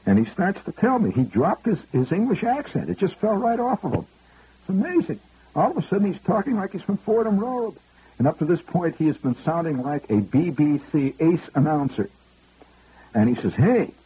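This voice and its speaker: A husky-voiced man telling a rambling, wry comic story as a radio monologist. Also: a little high, big pitch swings, normal speed, dark tone, dry recording, low-quality recording.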